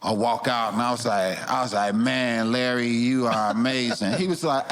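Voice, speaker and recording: A man's voice: medium pitch, lively intonation, moderate pace, background noise. A middle-aged comedian telling a loose, slangy story in casual chat, often laughing as he talks. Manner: loose, slangy, laughs through his lines.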